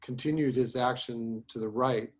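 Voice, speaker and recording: A man's voice: mid-range voice, steady tone, moderate pace. Chatty man critiquing on a video call. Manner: chatty, many restarts and fillers. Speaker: storyboard instructor. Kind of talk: critique in an online class.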